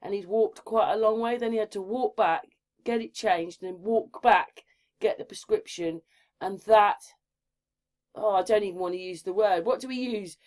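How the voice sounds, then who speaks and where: A woman chatting casually as co-host in a soft, conversational way. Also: medium pitch, normal speed. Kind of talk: casual chat.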